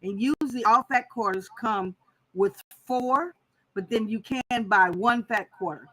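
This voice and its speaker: Casual woman host for a live quilting tutorial, chatty with her chat, bright and punchy voice. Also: on the high side, a little slow, rough recording.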